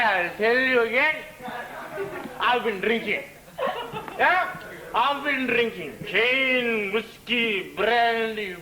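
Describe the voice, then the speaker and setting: A man's voice: very high voice, background noise, full character voice. An actor playing a boastful, tipsy man who teases and laughs as he tells a story on a theatre stage. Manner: slow, teasing, laughing while he boasts. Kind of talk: stage play performance. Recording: echoey hall, distant mic.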